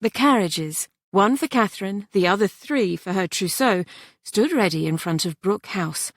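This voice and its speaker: Gravelly woman narrating a romance. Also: mid-range voice, lively intonation, normal speed, no room sound, studio quality. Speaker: audiobook narrator. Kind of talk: scripted narration of a historical romance.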